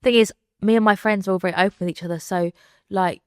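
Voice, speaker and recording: A woman's voice: medium pitch, steady tone, fast talker, clean tone, dry recording, clean studio sound. A woman in her thirties, a podcast guest talking candidly and chattily, with lots of fillers, acting out what people said to her. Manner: chatty, lots of fillers, acts out quoted voices. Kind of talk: candid conversational chat.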